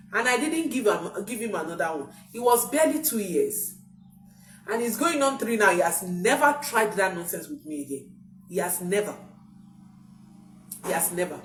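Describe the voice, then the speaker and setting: A woman, a parenting coach giving an emphatic motivational talk and repeating key phrases. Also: mid-range voice. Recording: echoey room, distant mic, faint music.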